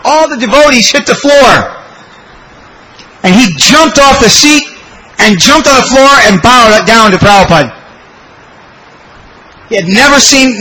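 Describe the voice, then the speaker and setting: A man telling a devotional story in a sermon, animated and exclamatory, acting out the people he quotes. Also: high-pitched, rough recording. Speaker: devotional speaker.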